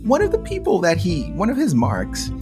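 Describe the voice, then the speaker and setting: A podcast co-host telling a story in casual, animated chat, full of "you know"s and laughter. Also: medium pitch, moderate pace, over music.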